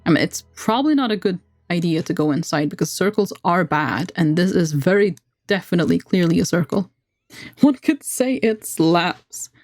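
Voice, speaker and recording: A woman streamer reading a text adventure game aloud, with playful asides and brisk narration. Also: fairly low pitch, lively intonation, a little mellow, soft background music.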